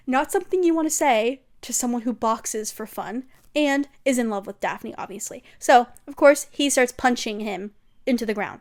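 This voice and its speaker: A woman's voice: a little high, normal speed. Chatty, gushing young woman vlogger. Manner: animated and gushing, with slang and swearing. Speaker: vlogger recapping a TV series. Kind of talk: casual, chatty recap.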